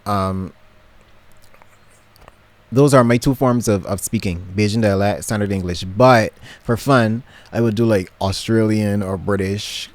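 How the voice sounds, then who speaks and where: This young vlogger from Barbados has a lowish voice and talks a little slowly, in a dry recording. Chatting casually to camera from his bedroom in a Barbadian accent, he wanders with plenty of ums and restarts.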